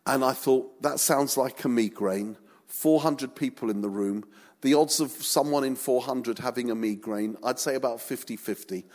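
A man's voice: medium pitch, normal speed, darkish tone. A man preaching a humorous sermon, telling stories against himself and building up to emphatic calls to obey. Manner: storytelling, self-mocking, building to emphatic exhortation. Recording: echoey hall recording.

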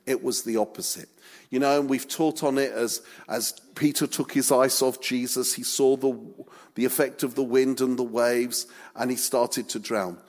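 A man preaching a sermon, telling the story with humor and animated, self-deprecating asides. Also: mid-range voice. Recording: long echoing church reverb.

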